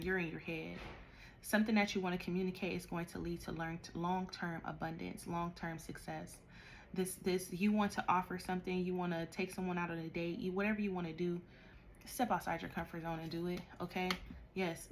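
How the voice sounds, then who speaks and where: A woman with a fairly low voice giving a tarot reading, with a faint hiss underneath. She speaks straight to her listener in an animated, no-nonsense way and scolds them when she thinks they need it. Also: brisk. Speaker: tarot reader.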